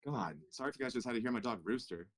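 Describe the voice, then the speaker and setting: A man's voice: medium pitch, expressive, very fast. A man hosting a casual race watch party from home, joking and swearing freely as he reacts to the race. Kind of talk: casual chat over a live race.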